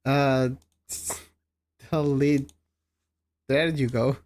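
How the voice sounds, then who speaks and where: A woman's voice: rumbling low, steady tone, extremely slow, darkish tone. A woman streamer chatting casually with viewers, laughing often and speaking with non-native phrasing. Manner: giggly, laughs often while answering chat. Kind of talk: casual live-stream chat.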